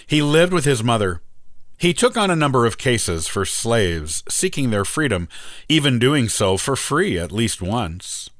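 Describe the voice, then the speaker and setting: A man hosting a podcast, reading a scripted history narration in a measured, steady way. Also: medium pitch, dry recording, studio quality. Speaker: podcast host.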